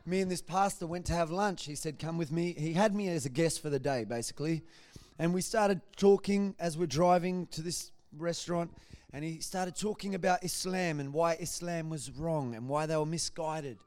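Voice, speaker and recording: A man giving a church testimony, telling his story in a lively way and acting out what people said. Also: fairly high pitch, moderate pace. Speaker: guest speaker giving testimony.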